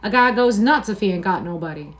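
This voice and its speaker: A woman reads aloud, taking on the role of a lonely, scornful older stable hand who drawls persuasively and muses slowly in a brooding mood. Her voice is mid-range and close to everyday speech, with lively intonation.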